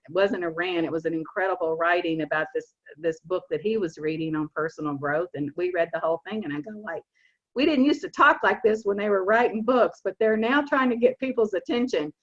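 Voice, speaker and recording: Earnest Southern woman in her sixties. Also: fairly low pitch. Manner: earnest, emphatic, stresses key words slowly. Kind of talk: motivational talk on a video call. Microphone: video call. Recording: muffled lo-fi video call audio.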